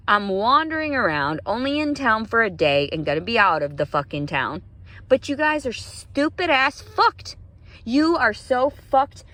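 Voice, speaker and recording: A woman pours out a frightened, angry rant straight to her viewers. She swears freely and talks in an agitated, unsettled way. Her voice sits at a middle pitch. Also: a bit bright. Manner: profane, agitated, fearful. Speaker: vlogger. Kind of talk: emotional vlog rant.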